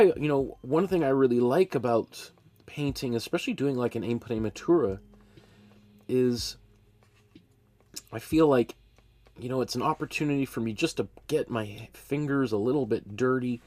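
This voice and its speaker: A man hosting a live painting class from his studio, talking in a chatty, rambling way and often laughing at himself. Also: medium pitch. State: hiccups. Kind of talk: casual live-stream teaching. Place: art studio.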